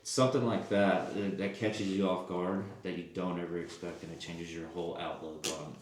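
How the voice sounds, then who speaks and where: Deep-voiced man telling stories. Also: normal speed, background noise. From Texas. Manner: animated, acts out quotes, stumbles and restarts. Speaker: podcast guest. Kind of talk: casual storytelling. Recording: very echoey room.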